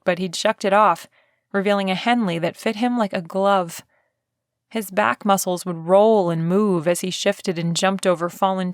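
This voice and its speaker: Audiobook narrator: woman, mid-pitched, steady storyteller, dry booth sound. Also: dry recording.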